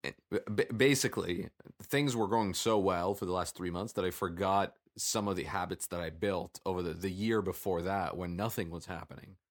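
Very deep-voiced reflective man. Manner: reflective, halting, with frequent restarts. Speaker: business owner and podcast co-host. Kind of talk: casual business chat.

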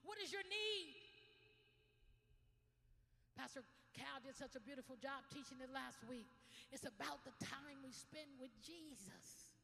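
A woman pastor preaching a sermon, swinging from loud, fervent calls to hushed, intimate asides, with call-and-response phrases. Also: sits high, lively intonation, unhurried, gravelly, long pauses. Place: church sanctuary. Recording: reverberant hall with faint ambience.

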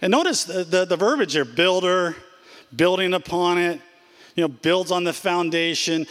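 A man's voice: high voice, normal speed, fairly bright tone, in a large hall. A pastor in his sixties preaching a sermon in a church, emphatic, stacking repeated phrases and dropping in casual asides. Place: church sanctuary.

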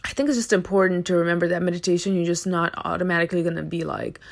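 Lady podcaster just talking, kinda low gravelly voice, animated and slangy. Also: racing. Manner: chatty, animated, slangy and emphatic. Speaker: podcast host. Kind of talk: casual solo monologue.

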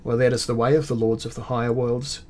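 A man voicing a grave and commanding chaos god, speaking slowly with a measured, declamatory weight. The voice sits at a middling pitch for a man, and he delivers the lines as a storybook reading. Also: little pitch movement, darkish tone, natural voice. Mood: cryptic. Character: male chaos god lord, ancient, cryptic, scheming.

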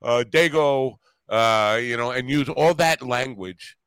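A man's voice: medium pitch, slow pace, fairly bright tone, clean tone, dry recording. A man hosting a casual podcast chat, rambling and joking about what people can and cannot say. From Italian-American family. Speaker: podcast host.

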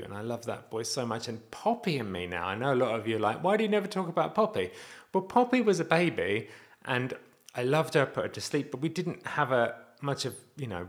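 A man's voice: mid-range voice, a bit bright. A man talking candidly to camera in a personal vlog about being a dad, earnest and rambling, often restarting his sentences. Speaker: vlogger and father.

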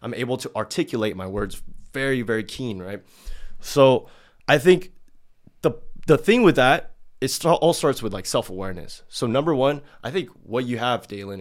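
A man co-hosting a casual talk video, chatty and loose, with lots of "like" and a flat delivery. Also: mid-range voice. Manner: loose and chatty, heavy use of "like"; calls his own delivery monotone. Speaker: video co-host. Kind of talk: casual chat.

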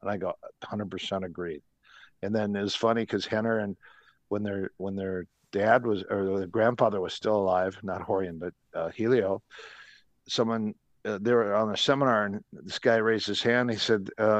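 An older man with a fairly low voice tells rambling anecdotes as a podcast guest, restarting his sentences often. The sound is close and dry, with no room around it. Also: steady tone, normal speed, no room sound, lo-fi sound. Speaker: guest, martial arts coach. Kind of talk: casual podcast chat, storytelling.

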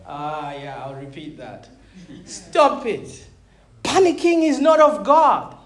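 A woman in her thirties preaching a sermon, animated and laughing often, checking in with her listeners and repeating words as she thinks. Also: medium pitch, slow. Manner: repeats words when searching for them.

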